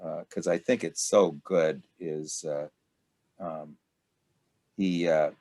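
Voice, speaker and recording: An older man leading a study group discussion, rambling and halting with many restarts. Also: very deep voice, steady tone, mellow.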